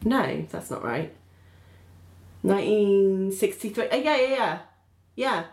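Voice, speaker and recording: A woman's voice: mid-range voice, expressive, slow, a little mellow, roomy sound. A woman co-hosting a podcast in casual chat, agreeing often and laughing easily. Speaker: podcast co-host.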